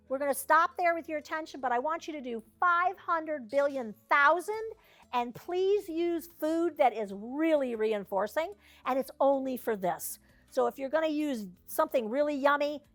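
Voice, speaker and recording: A woman's voice: sits high, moderate pace, fairly bright tone, soft background music. A woman service dog trainer leading a hands-on class, chatty and down-to-earth with joking asides.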